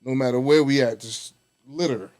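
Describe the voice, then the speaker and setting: A man's voice: medium pitch, normal speed, darkish tone. Joking podcast host, man. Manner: loose, joking, slangy. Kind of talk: casual chat.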